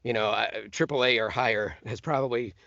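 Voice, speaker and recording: This voice actor guest speaks in a mid-range voice, a little fast and with vocal fry, over a dry, muffled recording. Chatting casually, he tells stories with lots of animation, switching into different voices and breaking into laughter.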